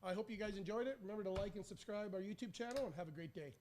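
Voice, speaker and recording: A man's voice: high-pitched, very fast, darkish tone. A man hosting a casual roundtable podcast, joking with his guests and swearing now and then. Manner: jokey, swears, playful ribbing. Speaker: podcast host.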